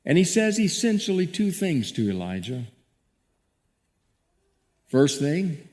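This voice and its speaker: A male pastor preaching a sermon and reading scripture dramatically, moving between hushed and emphatic passages. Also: on the high side, sing-song, slow, long pauses. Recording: long church reverb.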